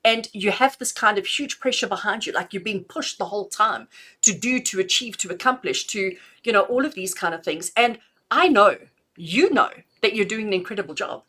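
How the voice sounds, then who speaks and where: A middle-aged woman with a bright, clear tone gives intuitive messages on a live stream. She talks in a chatty, affectionate way and laughs easily between readings. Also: medium pitch, animated, moderate pace. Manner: affectionate, chatty, calls listeners "my darling". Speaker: intuitive reader.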